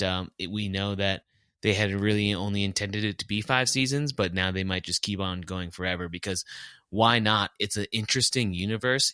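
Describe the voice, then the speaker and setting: A man's voice: low-pitched, sharp tone, clear, resonant tone, no echo, clean studio sound. A man co-hosting a podcast, chatting casually and enthusiastically in a rambling way. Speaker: podcast co-host.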